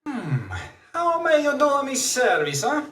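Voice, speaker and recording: An actor hamming up a sly Italian gentleman. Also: high voice, wildly swooping pitch, unhurried, reverberant, far from the mic, full character voice. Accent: put-on Italian. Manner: sly, insinuating, tags lines with "huh?" and "see?". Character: flamboyant, sly Italian gentleman, adult man.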